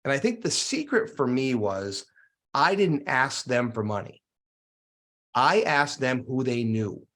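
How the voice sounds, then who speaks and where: Speaking unhurriedly in a mid-range voice, this middle-aged man is a real estate investor guesting on a podcast interview. He tells his stories with animation, acting out the conversations he recalls.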